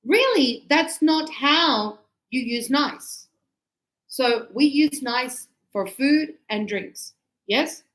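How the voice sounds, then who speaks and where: A woman English teacher giving a classroom grammar lesson, talking slowly and deliberately and stretching out key words. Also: high-pitched, expressive, fairly bright tone. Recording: echoey classroom.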